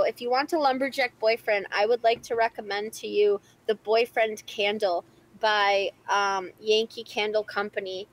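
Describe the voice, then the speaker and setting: A woman's voice: medium pitch, fairly even intonation, moderate pace, rough recording. A woman co-hosting a live stream, reading chat questions aloud in a playful, giggly, rambling way with lots of fillers, from a home studio.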